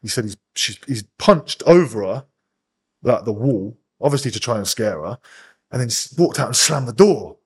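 A young man, a podcast guest, bluntly retelling events with heavy swearing and animated energy. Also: medium pitch, moderate pace, breathy edge. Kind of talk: casual interview storytelling.

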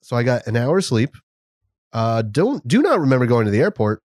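A man's voice: mid-range voice, very animated, moderate pace, darkish tone, no echo, studio quality. A man hosting a casual podcast chat, rambling through stories and laughing often.

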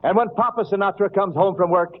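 A man's voice: sits high, fairly quick. A man hosting an old radio comedy show, narrating a spoof with wisecracking punchline timing. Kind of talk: comic narration for a radio audience. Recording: tinny old radio broadcast with hiss.

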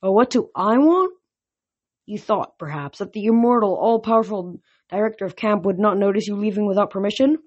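A woman's voice: medium pitch, brisk, darkish tone, lightly acted. A woman voicing a sneering, condescending male god who is bored with heroes. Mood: contemptuous. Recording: dull lo-fi recording.

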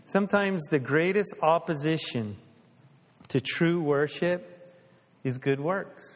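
A male pastor with a slightly high voice preaches slowly in a reverberant hall. His sermon is conversational and full of rhetorical questions.

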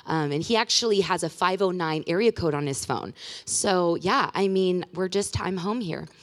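A woman in her thirties gives a guest sermon in a church. She talks in a chatty, animated way, telling funny personal stories. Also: on the low side, moderate pace. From Pacific Northwest of the US. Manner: chatty, animated storyteller with self-deprecating humor. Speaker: guest speaker. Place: church sanctuary.

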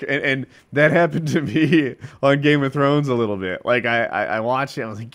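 Lively-voiced man chatting casually. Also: mid-range voice, quick pace, few pauses. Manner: animated, mimics others mid-story. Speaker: podcast co-host. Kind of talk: casual chat.

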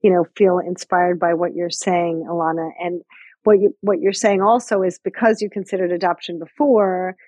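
A woman's voice: lowish voice, fairly even intonation, moderate pace, dark tone, dry recording. A woman hosting an interview podcast, responding to her guest in an affirming, conversational way. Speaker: podcast host. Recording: dull, dry remote audio.

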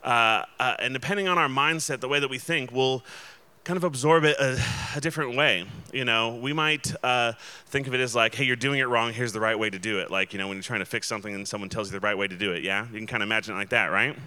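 A man giving a relaxed, conversational sermon, full of fillers and restarts and often checking in with his listeners. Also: medium pitch, quick pace, clean tone. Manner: casual and chatty, many fillers and restarts, checks in with the audience. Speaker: pastor.

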